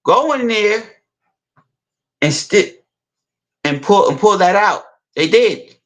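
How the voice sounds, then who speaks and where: This male storyteller speaks high-pitched with lively intonation on a rough recording. He recounts a movie scene loosely and haltingly, with plenty of restarts and repetition.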